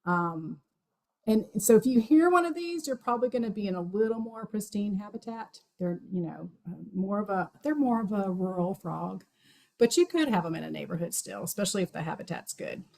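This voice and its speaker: A woman's voice: medium pitch, animated, a little fast, vocal fry, darkish tone, poor audio. A woman giving a chatty, enthusiastic talk on frog calls as a wildlife outreach coordinator, with many fillers.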